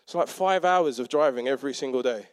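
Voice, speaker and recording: A man's voice: mid-range voice, fairly quick, clean tone, dry recording, studio quality. A young man giving a conversational sermon, telling a story with self-mocking humour and acting out the people in it. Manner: animated, self-mocking, acts out quotes. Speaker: preacher and teacher.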